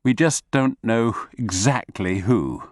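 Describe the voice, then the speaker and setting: A man's voice: lowish voice, animated, slow, darkish tone, no room sound, studio quality. A man doing a worldly Corsican-accented businessman. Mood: matter-of-fact. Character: wealthy middle-aged Corsican man, calm, worldly.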